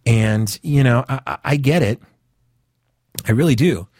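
A man's voice: medium pitch, a little slow, darkish tone, no room sound, studio quality. A man from the northeastern United States hosting a podcast, talking casually and rambling with lots of fillers and restarts. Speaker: podcast host.

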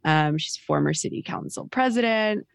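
A woman co-hosting a casual political chat show, wry and unhurried, often trailing off with fillers. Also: sits low, expressive, gravelly, clean tone, no echo, clean studio sound. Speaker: podcast co-host.

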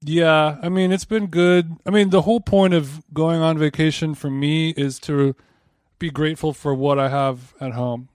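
Joking man with a higher voice, dry sound. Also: steady tone, normal speed, a little mellow, dry recording. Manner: joking, rambling tangents. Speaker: podcast co-host. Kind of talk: casual banter.

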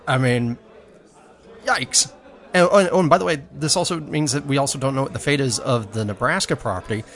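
A man co-hosting a homebrewing podcast, recapping news in a chatty, exclamatory way. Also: medium pitch. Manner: chatty, exclamatory, lively storytelling. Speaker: podcast co-host. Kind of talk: casual chat.

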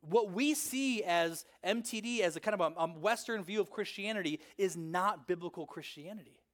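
Male pastor with a high voice, chatty sermon delivery, keeps tagging lines with "right?", dips to a near-whisper for emphasis. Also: moderate pace. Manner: conversational preaching, frequent "right?" asides, dramatic swings from loud to hushed.

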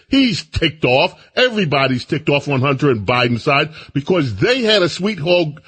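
Talk radio host, man, husky voice, lively and mocking delivery. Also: a little high. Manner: animated, mocking, mimics stammering officials. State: out of breath. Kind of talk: political talk radio monologue.

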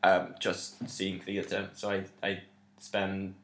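A man's voice: low-pitched, monotone, takes it slowly, a bit bright. A man co-hosting a podcast, chatting casually with frequent ums and restarts. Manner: chatty, organized, hesitant with many ums. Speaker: podcast co-host. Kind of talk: casual chat. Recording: roomy echo.

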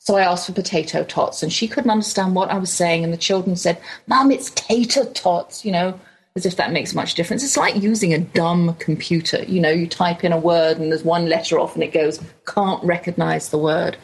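A middle-aged woman with an English accent, hosting a radio show and telling a chatty, animated story. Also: fairly low pitch, a little fast, slightly rough, low-quality recording. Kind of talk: casual storytelling monologue.

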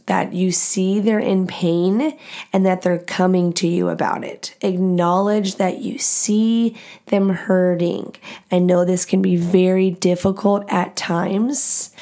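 A woman hosting her own podcast, giving blunt, profane relationship advice in a fast, animated, casual way. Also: fairly low pitch. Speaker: podcast host. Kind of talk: casual solo podcast talk.

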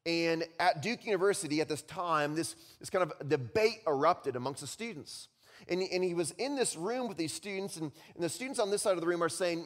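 A man preaching a sermon, animated, swinging from loud, high mocking voices to low, quiet, earnest tones. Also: moderate pace. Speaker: pastor.

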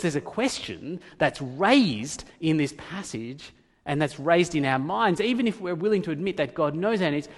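A man preaching a sermon, emphatic and repeating key phrases, dropping to a hush and then rising again. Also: a little high, creaky. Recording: long hall reverb.

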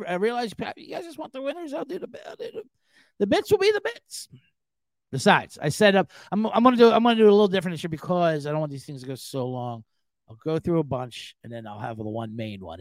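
Animated, profane man ranting on a podcast. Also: high-pitched, dry recording. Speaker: podcast host. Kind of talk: casual sports-betting podcast rant.

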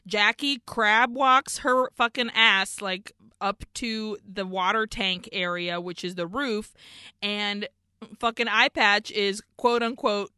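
A woman's voice: medium pitch, fairly even intonation, slow pace, bright, forceful tone, clean tone, dry recording, studio quality. A woman co-hosting a podcast, animatedly retelling a movie plot with lots of swearing. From Argentina. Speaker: podcast co-host. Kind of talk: casual movie recap chat.

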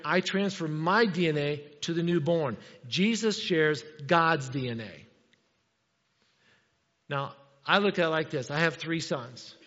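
Pastor, middle-aged man, animated conversational sermon, slightly high voice, muffled lo-fi recording. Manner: animated, conversational preaching with rhetorical questions. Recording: reverberant hall, dull lo-fi sound.

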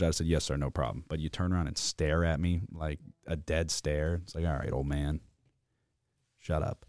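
A man's voice: deep voice, darkish tone, smooth, no room sound, clean studio sound. A young man hosting a casual sports podcast, telling stories bluntly and cursing freely. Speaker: podcast host.

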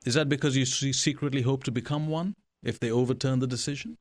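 Man, talk show host, mid-pitched voice, dry close sound. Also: steady tone, fast talker, no echo. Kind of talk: casual interview chat.

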